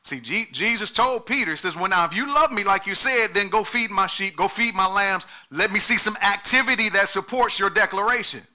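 Moving fairly quickly with hardly any pauses, a middle-aged male pastor preaches a sermon. His tone is very bright and cutting, his pitch high for a man, and he presses points through repetition and calls to the crowd before him.

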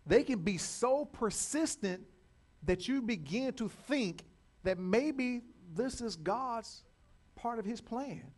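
A man's voice: extremely high pitch, expressive, takes it slowly, a little mellow. Man preaching with big dynamic swings. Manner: repeats and restarts words. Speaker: pastor. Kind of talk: sermon.

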